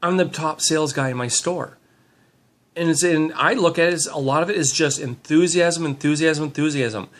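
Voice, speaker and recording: A man's voice: fairly high pitch, moderate pace, fairly bright tone. Upbeat middle-aged man rambling on camera. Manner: upbeat, rambling, lots of fillers. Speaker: team leader giving motivational talk. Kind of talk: handheld motivational vlog. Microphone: handheld camera mic.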